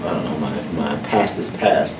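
A North Carolina man with a Southern accent and a rumbling, darkish low voice speaks at normal speed as a guest at a book event. His folksy personal stories turn earnest and motivational, building to uplifting points, captured from far off in a noisy, echoey room.

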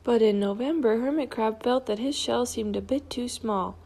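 A woman's voice: a little high, normal speed. Woman reading a picture book aloud. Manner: calm, clear storytelling. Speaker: storybook reader.

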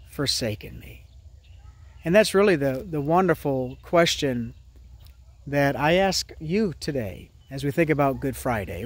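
A man serving as pastor delivers a sermon in an earnest storytelling manner. His voice sits a bit higher than most men's, and he slows down to lean on key words. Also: no echo.

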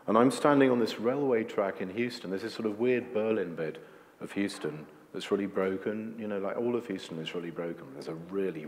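A man's voice: fairly low pitch, darkish tone. A man speaking as guest at an onstage talk before an audience, rambling and jokey, full of "like" and restarts. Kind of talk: onstage conversation before a screening. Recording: long hall reverb.

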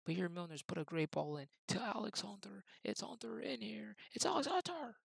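A young man doing excitable mock play-by-play commentary over his football video game, then chatting about his match. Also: high voice, brisk, vocal fry, breathy edge, no echo, low-quality recording. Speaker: gaming YouTuber. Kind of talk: gameplay commentary.

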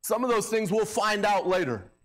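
A man's voice: high-pitched, expressive, normal speed, soft background music. A middle-aged male pastor preaching a sermon in a church, talking in a conversational way with filler words and raising his voice when he mocks a crowd. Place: church sanctuary. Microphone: handheld or stand microphone.

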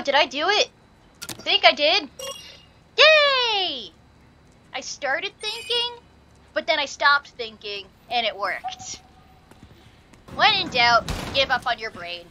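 Excitable woman shrieking at a video game. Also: fairly high pitch, slight background noise. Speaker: gaming video creator. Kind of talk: let's play commentary.

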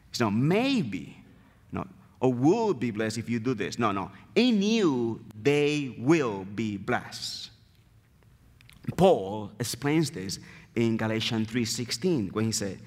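A man from the Dominican Republic with a Dominican Spanish accent, a native Spanish speaker preaching a sermon earnestly and emphatically, repeating his key phrases. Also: mid-range voice. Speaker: guest preacher. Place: church sanctuary. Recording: church hall reverb.

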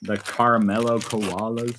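A man's voice: fairly low pitch, level tone, a little slow, very noisy. A man hosting a casual unboxing vlog, chatting and laughing often as he opens parcels. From United States. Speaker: vlog host. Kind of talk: casual chat while unboxing.

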